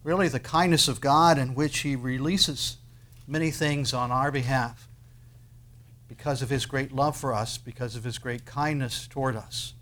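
Earnest preaching man with dramatic pauses. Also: mid-range voice, steady tone, fairly bright tone. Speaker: pastor. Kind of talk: sermon.

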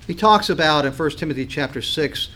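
A man's voice: on the high side, brisk, sharp tone. Man preaching with rising intensity. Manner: dynamic preaching, voice swells and drops with emphasis; clears throat often. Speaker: pastor. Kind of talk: sermon.

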